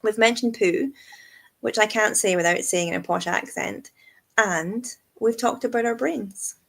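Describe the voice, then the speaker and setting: A Scottish woman co-hosting a casual whisky chat, chatty and self-mocking, laughing often, with a squeaky voice. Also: moderate pace, creaky. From Scotland. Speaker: whisky shop co-host.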